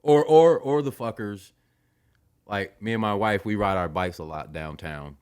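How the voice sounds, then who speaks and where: A young adult man chatting on a podcast, an animated storyteller who gets excited and swears a lot. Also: on the low side, a little slow, smooth. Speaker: podcast co-host. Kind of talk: casual chat.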